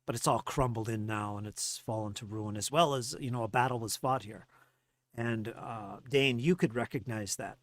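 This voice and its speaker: A man narrating as game master of a tabletop game, animated and stumbling through restarts. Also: medium pitch, moderate pace, no echo.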